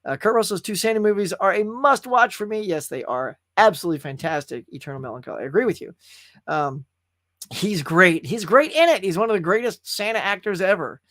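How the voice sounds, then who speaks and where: Laid-back guy hosting a live chat stream, lively up-and-down voice, dry close sound, laughs a lot. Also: high voice, fairly quick, no room sound. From California. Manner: chatty, laughing, reads chat comments aloud. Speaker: host.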